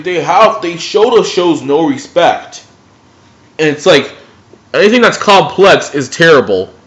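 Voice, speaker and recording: A young man ranting casually about TV cartoons in a dim room at home, animated and profane. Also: a little high. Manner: animated, profane, jumps between mocking impressions. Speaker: video blogger. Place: dimly lit room at home. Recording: dull, lo-fi home recording.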